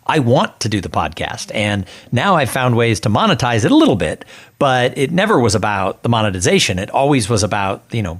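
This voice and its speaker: A male podcast host with a mid-pitched voice, talking with a guest in easy, conversational tones. He gets lively and energetic when he turns to the sponsor read. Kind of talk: conversational interview.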